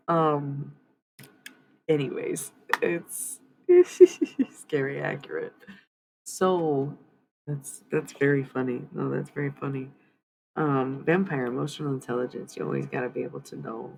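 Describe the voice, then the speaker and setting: A woman's voice: deep voice, gravelly, slight background noise, rough recording. A woman hosting a livestream card reading in casual chat, blunt and swearing freely, talking back sharply.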